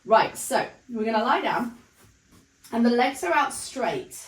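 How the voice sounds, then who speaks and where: A woman leading a Pilates class, calmly talking through the moves while she demonstrates them. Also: a little high, unhurried, reverberant, rough recording. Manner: calm counting of breaths while demonstrating. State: breathless, counts fading to breathy whispers during exertion. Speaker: Pilates instructor. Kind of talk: guided exercise instruction.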